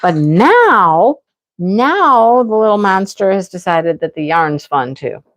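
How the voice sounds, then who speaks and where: A woman's voice: medium pitch, sing-song, slow. A woman hosting a casual live stream from home, chatting and telling stories with frequent laughs. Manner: chatty, laughs often, rambling storytelling. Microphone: camera on tripod.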